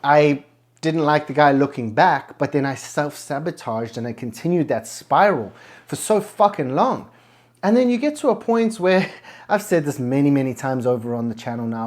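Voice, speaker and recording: A man's voice: fairly high pitch, animated, normal speed. A man hosting a podcast, giving a blunt, emphatic motivational monologue full of swearing. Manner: blunt, heavily profane, emphatic. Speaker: podcast host.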